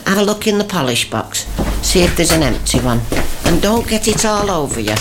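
A prim mum. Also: female voice, on the low side, very animated, brisk, very noisy. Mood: motherly. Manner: prim, motherly, chiding. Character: fussy homely mother, prim but affectionate. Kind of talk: radio comedy drama.

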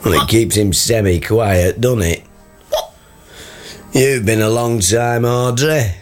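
An actor playing a dry-witted, gruff father in a radio comedy. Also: fairly low pitch, slow pace, soft background music. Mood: exasperated. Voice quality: dry sarcastic wit. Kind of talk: radio comedy drama acting.

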